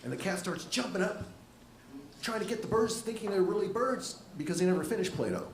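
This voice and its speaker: A middle-aged male stand-up comic with a dry, wry delivery, his fairly high voice leaping up and down in pitch. He is on a stage mic in a roomy comedy club, with loud laughter from the audience. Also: brisk, a crowd in the background. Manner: dry, wry deadpan with lively jumps in pitch.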